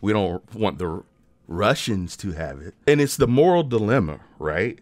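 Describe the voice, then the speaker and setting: A man co-hosts a casual movie podcast in a fairly low voice. He talks through his take in a thoughtful way, often letting his phrases fall off quietly. The recording is dry, with no room sound. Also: expressive, moderate pace, no room sound. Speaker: podcast co-host. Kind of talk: casual movie review chat.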